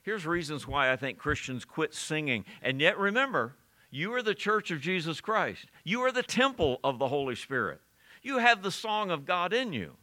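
Lively, bright-voiced male preacher. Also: a little high, moderate pace. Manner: earnest preaching, rising to emphatic peaks, occasional self-corrections. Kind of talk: sermon.

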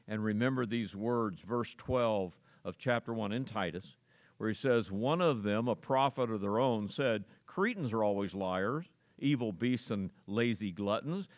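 A man's voice: mid-range voice, dry recording. A man preaching an expository sermon, emphatic, with frequent fillers and restarts. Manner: emphatic, rises sharply on key words. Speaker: pastor.

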